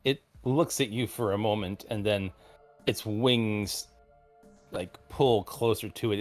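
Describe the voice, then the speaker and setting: A man runs a tabletop game as game master, describing the scene at a slow, measured pace. His voice sits low, and he fills pauses with ums. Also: steady tone, faint music behind. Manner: unhurried, with many ums.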